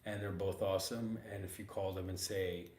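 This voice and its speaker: A lowish, slightly hoarse man hosts a relaxed chat, rambling and easygoing with plenty of fillers. He sounds like he's in a roomy shop, with a faint hum of ambience behind him. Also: moderate pace. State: hoarse, getting over losing his voice. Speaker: podcast host. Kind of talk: casual chat. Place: art supply store, working studio.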